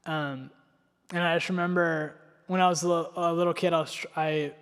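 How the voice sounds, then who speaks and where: A young man from North Carolina delivers a sermon full of personal stories. He rambles and pokes fun at himself, leaning on filler words. His voice sits a little high and rings out with long reverb across a church hall. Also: steady tone, brisk, fairly bright tone. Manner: rambling, self-deprecating, heavy on filler words. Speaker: preacher.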